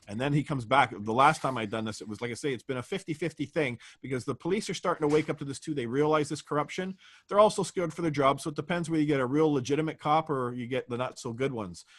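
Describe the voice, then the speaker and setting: A man's voice: medium pitch, fast talker. A man, a guest in a conversational interview, telling stories emphatically and asking rhetorical questions.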